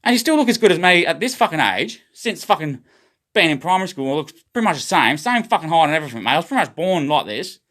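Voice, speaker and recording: A man's voice: on the high side, very animated, quick pace, fairly bright tone. An Australian man livestreaming a rambling, agitated monologue full of swearing.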